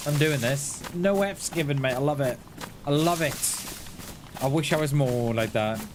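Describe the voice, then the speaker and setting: A man's voice: medium pitch, normal speed, background noise. A man chatting casually while live streaming a game, laughing often and calling his viewers mate. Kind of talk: live gameplay stream chat.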